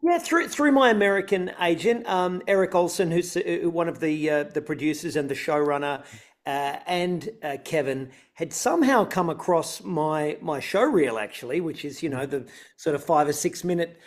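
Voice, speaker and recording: An Australian man with a slightly raised pitch talks in an easygoing, chatty way. He is a guest in a casual interview, answering at length and sometimes laughing lightly. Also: lively intonation, normal speed.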